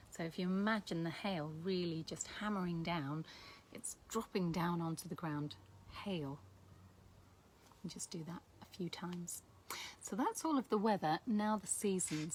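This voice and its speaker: A woman's voice: fairly low pitch, a little hiss or hum. Chatty woman teaching signs. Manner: chatty and warm, laughing at herself. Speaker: sign language teacher. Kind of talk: casual teaching video to camera.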